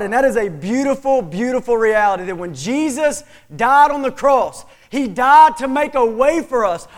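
A man preaching a sermon as pastor, asking the congregation questions and repeating phrases for emphasis. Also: very high-pitched.

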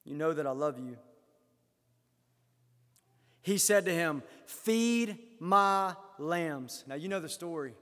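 A high-pitched man delivers a sermon, lifting his voice loud on the scripture he quotes and falling low and quiet on his own remarks. His words ring out with a long reverb, as if across a large church sanctuary. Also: normal speed, long pauses. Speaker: preacher.

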